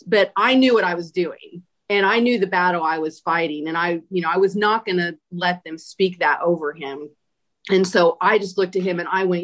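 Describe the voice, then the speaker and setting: As an interview guest, this woman recounts something she lived through, with emphasis and plenty of fillers. She speaks at normal speed in a lowish, fairly bright voice.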